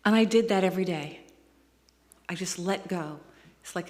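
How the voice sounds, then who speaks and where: A woman giving a personal, emotional sermon, telling her story with rising peaks of excitement. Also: fairly low pitch, moderate pace. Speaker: guest speaker. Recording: long hall reverb.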